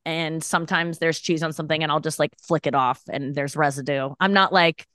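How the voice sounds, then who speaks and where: A woman's voice: sits low, steady tone, brisk, a bit bright, dry recording, clean studio sound. A woman in her thirties, a comedian guest on a podcast, talking in a candid, rambling and self-mocking way. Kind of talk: casual podcast chat.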